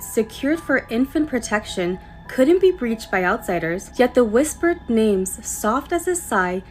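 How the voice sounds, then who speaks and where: A woman hosting a video who reads submitted stories aloud in a playful way and comments between them. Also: a little high. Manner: playful, reacts between readings.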